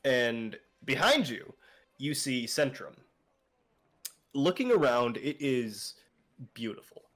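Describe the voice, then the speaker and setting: A man's voice: medium pitch, big pitch swings, slow pace, a bit bright. A young man narrating a tabletop game as game master, casual and rambling, with swearing.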